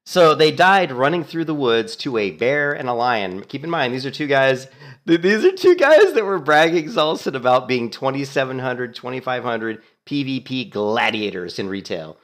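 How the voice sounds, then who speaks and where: Man, casual gameplay commentary, amused, retelling chat, mid pitch. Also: big pitch swings, normal speed, a bit bright. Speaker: game streamer.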